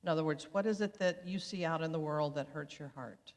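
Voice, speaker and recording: Earnest older woman, lowish, echoey. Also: a little fast, a little mellow. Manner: earnest, thoughtful, wry. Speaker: guest, spiritual coach. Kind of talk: reflective personal sharing. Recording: long hall reverb.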